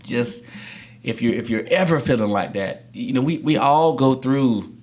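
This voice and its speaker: A young adult man, a podcast guest, talking candidly and acting out the people he quotes in a studio interview. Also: normal speed. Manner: animated storyteller, acts out quotes with big pitch jumps.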